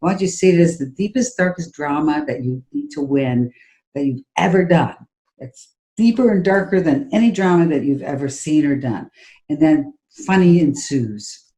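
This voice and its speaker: A woman's voice: sits low, lively intonation, normal speed, mellow. A middle-aged woman acting coach talking in a conversational interview, telling stories with emphasis and acting out her own outbursts.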